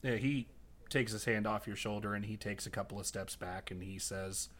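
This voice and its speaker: A man narrating as game master, unhurried and searching for his words. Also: lowish voice, steady tone, fairly bright tone.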